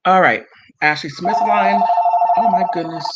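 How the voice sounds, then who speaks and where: A man hosting a commentary channel, reading messages aloud and commenting between them. He talks haltingly, stumbles over words and breaks off to exclaim in disbelief. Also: high voice, dull audio, background noise.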